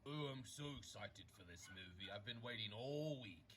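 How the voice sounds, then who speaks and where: A woman's voice: a bass voice, animated, normal speed, background noise. A young woman playing pretend with toys, switching playfully between character voices.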